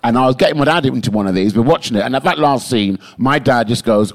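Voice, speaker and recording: Podcast guest, a man from London, lively and profane raconteur. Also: mid-range voice, a little fast. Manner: animated, swearing storyteller. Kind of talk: casual podcast chat.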